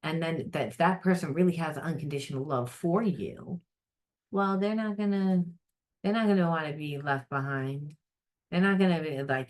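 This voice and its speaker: A middle-aged woman giving an unscripted psychic reading, blunt and animated, swearing freely and acting out the voices she quotes. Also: mid-range voice, normal speed. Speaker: psychic tarot reader.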